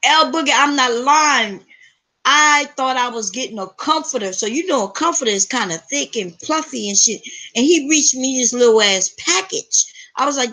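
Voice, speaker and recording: A woman hosting a live stream, telling a story to her chat in an animated, profane way and laughing often. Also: high-pitched, unhurried.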